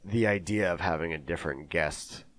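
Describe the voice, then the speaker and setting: A man's voice: low voice, moderate pace, fairly bright tone. A man co-hosting a podcast, chatting casually and rambling, self-deprecating about his own voice. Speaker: podcast co-host. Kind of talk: casual chat. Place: basement.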